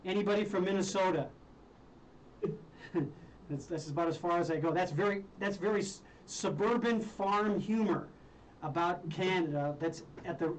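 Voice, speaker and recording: A man hosting a live radio talk show, casual and joking, often laughing and filling gaps with uh and um. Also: high-pitched. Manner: joking, chuckling, with many fillers and restarts. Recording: somewhat distant mic with faint noise.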